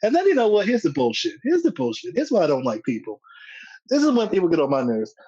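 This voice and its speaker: A man's voice: high-pitched, quick pace, slightly rough, no echo, highs cut off. A man who is a comedian, guest on a podcast, telling stories in casual chat and acting out quotes with street slang. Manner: animated storyteller, acts out quotes, street slang.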